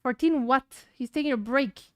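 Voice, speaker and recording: Woman with Latin American Spanish accent, teasing stream chat, smooth clear voice, dry close sound. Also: sits high, moderate pace, no room sound. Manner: playful, teasing, chatty. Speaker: streamer's partner answering chat.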